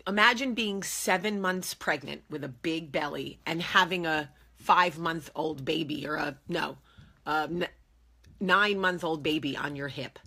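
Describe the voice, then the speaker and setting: A woman hosting her own show, telling a personal story in a candid, animated, emphatic way, acting out what people said. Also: sits low, unhurried, husky. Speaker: show host.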